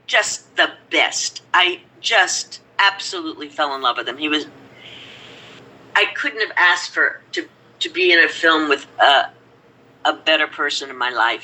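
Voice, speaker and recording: Older actress, chatty anecdote-teller, bright cutting voice. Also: female voice, deep voice, low-quality recording. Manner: rambling animated storytelling. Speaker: actress guest. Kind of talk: casual reminiscing.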